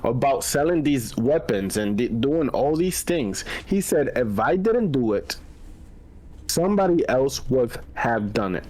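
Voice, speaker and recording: A man hosting a casual podcast chat, excitable and stammering as he argues his point. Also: mid-range voice, unhurried. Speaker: podcast host.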